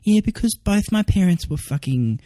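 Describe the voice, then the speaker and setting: A man's voice: sits high, expressive, normal speed, warm tone, dry recording. Joking, blunt man hosting. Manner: joking, blunt, swears freely. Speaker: podcast host. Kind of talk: casual interview chat.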